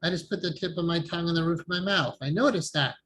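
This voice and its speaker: Brief: male meditation teacher, slightly high voice, relaxed and chatty, faint hiss behind. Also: fast talker, low-quality recording. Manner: calm, conversational, laughs often. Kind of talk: online support group class. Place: home, online video call. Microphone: video call microphone.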